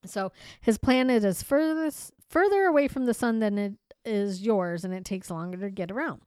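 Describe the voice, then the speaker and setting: A woman's voice: medium pitch, normal speed, darkish tone, clear, resonant tone, dry recording. A woman hosting a podcast in casual chat. She reads a strange story aloud, riffs on it and laughs often. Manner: chatty, playful, laughs often. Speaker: podcast host.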